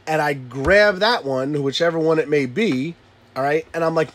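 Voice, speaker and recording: A man in his thirties, a father, telling a story in profane casual chat and acting out his shouting kids and himself. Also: fairly high pitch, normal speed. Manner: animated, acts out his kids and himself yelling.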